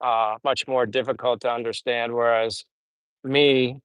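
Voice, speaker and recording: Brief: middle-aged American man, easygoing livestream host, rambling chat with fillers, smooth clear voice, dry close recording. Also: medium pitch, measured pace, no room sound. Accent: General American. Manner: relaxed, rambling, many fillers. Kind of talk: casual livestream chat, reading comments.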